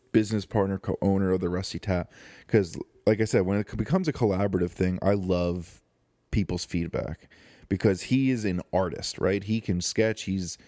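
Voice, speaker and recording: Deep, rambling man hosting a podcast. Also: warm tone, no room sound, studio quality. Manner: rambling, jokey, many fillers and restarts. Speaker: podcast host. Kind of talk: casual solo podcast monologue. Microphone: close studio microphone.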